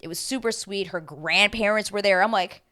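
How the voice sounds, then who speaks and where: A woman's voice: mid-range voice, moderate pace, pushed and bright. A young woman recapping a dating show in casual chat, talkative and full of fillers, often acting out quotes. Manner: chatty, many fillers, acts out quotes. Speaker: recap vlogger.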